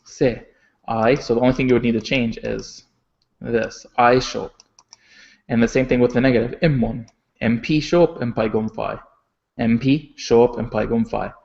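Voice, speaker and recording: A man teaching a language lesson, explaining patiently with frequent fillers and self-corrections, and slowing down to pronounce example sentences carefully. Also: medium pitch, fairly even intonation, vocal fry, darkish tone. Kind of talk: recorded online lesson. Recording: slightly dull, muffled audio.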